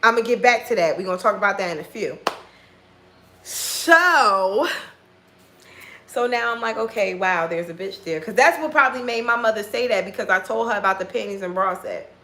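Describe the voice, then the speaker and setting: A woman's voice: medium pitch, moderate pace. A woman telling a dating story in a casual vlog, blunt and profane, acting out both sides of the conversation. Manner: blunt, profane, animated retelling with quoted dialogue.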